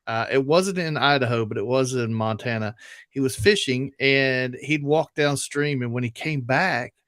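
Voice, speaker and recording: A man hosting a casual chat on a video call, relaxed and chatty as he tells a story. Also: medium pitch, normal speed, dry recording, studio quality. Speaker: show host.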